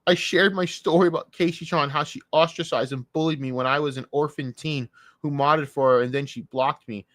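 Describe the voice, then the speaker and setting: A man streaming live, ranting loudly and angrily with heavy profanity. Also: a little high, steady tone, brisk, dry recording, clean studio sound. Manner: loud, profane, angry ranting.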